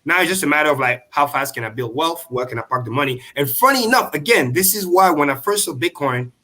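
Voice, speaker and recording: A man in casual chat on a stream, telling his story in an excitable, profane way. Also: a little high, fast.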